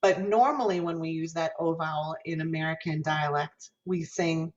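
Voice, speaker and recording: A woman's voice: low voice, fairly even intonation, moderate pace, lo-fi sound. A woman professor giving a lecture on singing diction, explaining patiently, demonstrating vowel sounds aloud and asking the class questions. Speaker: music education professor.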